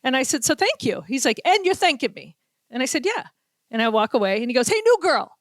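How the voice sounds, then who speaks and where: A woman with a Boston accent, a podcast host and sports reporter telling an animated story and acting out the quotes. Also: sits high, fast talker, no echo. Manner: animated storyteller, acts out quotes, laughs often. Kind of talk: casual storytelling chat.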